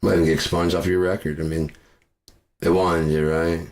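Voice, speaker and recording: A man ranting angrily to camera, swearing constantly and breaking into shouts. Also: deep voice, level tone, moderate pace, a little hiss or hum. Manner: profane and furious, shouting at times. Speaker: vlogger. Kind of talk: angry political rant.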